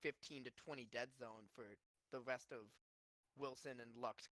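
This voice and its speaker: A man's voice: medium pitch, fairly even intonation, moderate pace, fairly bright tone, no echo, poor audio. A man acting as league commissioner, rambling through casual fantasy football chat with many restarts.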